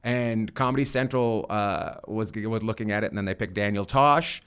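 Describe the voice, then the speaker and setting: A man's voice: on the low side, moderate pace, fairly bright tone, clear, resonant tone. A middle-aged man hosting a podcast, chatting in a rambling, joking, self-deprecating way. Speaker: podcast host. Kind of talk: casual chat.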